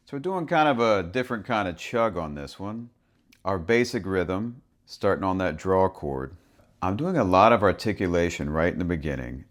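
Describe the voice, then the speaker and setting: A man with a very deep voice teaches a harmonica lesson. He talks through the rhythm in a relaxed way, stopping to sound out short syllables as he explains each part. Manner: relaxed, thinking aloud, speaks rhythm syllables and soft whispers. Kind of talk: instructional explanation with vocal rhythm demonstrations.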